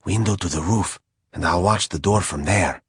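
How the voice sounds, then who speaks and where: A man's voice: low-pitched, normal speed, slightly rough, dry recording, full character voice. A man voicing a dry, sardonic small flying creature who serves as a loyal familiar. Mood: wry.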